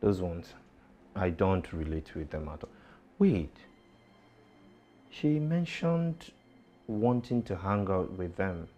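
A man's voice: sits low, very animated, takes it slowly, long pauses, mellow, full character voice. A man playing a stammering worried boyfriend. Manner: anxious, stammering. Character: worried man searching for his girlfriend.

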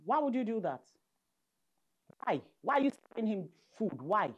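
A woman's voice: mid-range voice, big pitch swings, normal speed, breathy edge, dull audio. A woman acting in a comedy skit, dramatic and emphatic, repeating herself when outraged. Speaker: skit actor.

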